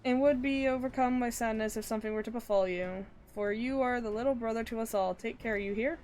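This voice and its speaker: A woman's voice: a little high, a little fast, a little mellow, slight background noise, natural voice. A woman voicing a grown soldier man in a fantasy game, who worries over a young boy. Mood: concerned. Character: caring, protective soldier man, grown adult.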